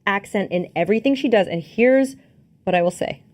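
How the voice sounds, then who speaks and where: A woman's voice: mid-range voice, lively intonation, a little fast, darkish tone. Female co-host, hesitant giggly delivery, casual movie chat. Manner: hesitant, laughs often, many fillers. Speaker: podcast co-host.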